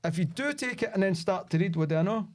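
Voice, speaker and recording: A man's voice: sits high, animated, fast, no room sound, clean studio sound. A middle-aged Scottish man, a sales expert guest, talking in a casual podcast conversation and telling stories full of "like" and "right?". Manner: chatty storyteller, peppered with "like" and "right?".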